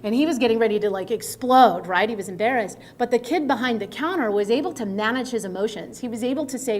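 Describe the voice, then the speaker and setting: A middle-aged woman speaking as a guest speaker at a conference, in a conversational, animated way. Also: fairly high pitch, fast, few pauses. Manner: conversational, animated, acts out quotes. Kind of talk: conference talk. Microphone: microphone at a conference.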